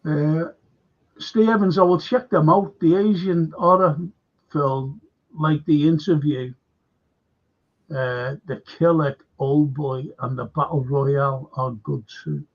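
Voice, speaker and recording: A man's voice: fairly high pitch, steady tone, takes it slowly, dull audio. A man hosting a casual live-stream film chat, rambling and repeating himself as he reads viewer comments.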